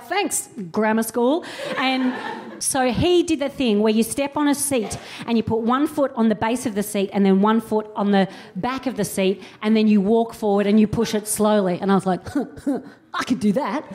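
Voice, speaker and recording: A woman's voice: on the high side, a little mellow. A woman telling a self-mocking comic story on stage, acting out the voices of the people in it. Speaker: co-host comedian. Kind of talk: live stand-up storytelling. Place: live venue with audience.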